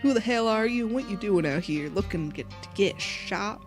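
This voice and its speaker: Woman doing a gruff southern hunter, Duke. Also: medium pitch, lively intonation, normal speed, over music, lightly acted. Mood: suspicious. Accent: American Southern. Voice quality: brusque, blunt.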